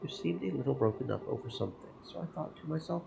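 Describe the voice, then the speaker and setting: A man reading Kevin, a gravelly flirting priest. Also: mid-range voice, lively intonation, fast talker. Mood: flirty. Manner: teasing, easygoing banter. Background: game music.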